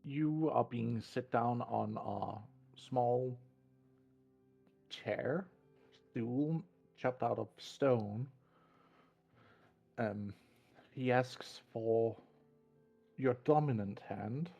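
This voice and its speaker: Slow, gravelly male game master. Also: mid-range voice, warm tone, soft background music. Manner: deliberate, descriptive, with frequent restarts. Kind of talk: narrating a tabletop game.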